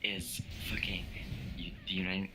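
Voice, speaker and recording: A young man, clearly drunk, rambles through a long story in a somewhat low voice, cursing at nearly every turn. His voice chat line carries a steady hiss of background noise. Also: a little slow. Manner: rambling, slurred, swears constantly. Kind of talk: casual chat with friends over voice chat.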